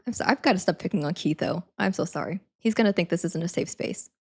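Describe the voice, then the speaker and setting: A woman's voice: on the low side, breathy edge. A young adult woman chatting casually on a live stream, laughing often, saying "like" a lot and thanking viewers again and again.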